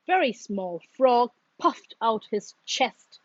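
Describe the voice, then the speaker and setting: A woman reading a children's storybook aloud in a slow, expressive, sing-song way. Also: high-pitched, no room sound, highs cut off.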